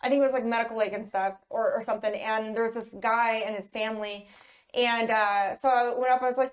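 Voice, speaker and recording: A woman's voice: on the high side, fairly quick. A woman co-hosting a casual podcast chat, rambling through stories with plenty of fillers and frequent laughter. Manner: rambling storyteller, laughs often, lots of fillers. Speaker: podcast co-host.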